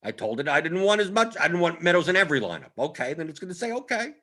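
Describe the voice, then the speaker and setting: A man hosting a fantasy sports strategy breakdown, talking animatedly with quick restarts and repeated words. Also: on the high side, sing-song, sharp tone. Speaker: fantasy sports analyst host. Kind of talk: strategy breakdown over a screen share.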